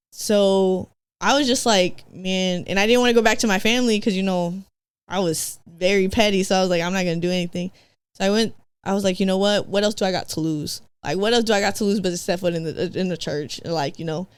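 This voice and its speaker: Woman from san diego on a podcast, smooth clear voice, super slangy, lots of like and bro, dry close sound. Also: mid-range voice, fairly quick, no echo. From San Diego, California. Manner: slangy, full of "like" and "bro", acts out her past self; mixes in Spanish phrases. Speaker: podcast guest. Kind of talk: casual personal storytelling.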